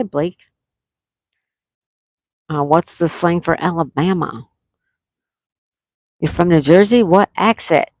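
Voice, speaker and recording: A woman's voice: fairly low pitch, darkish tone, no room sound. A woman hosting a casual trivia livestream, reading out viewers' answers from the chat and stretching out each question. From near Fort Lauderdale, Florida. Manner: chatty, reads out chat names and answers, drawn-out questions. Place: indoors at home during a thunderstorm.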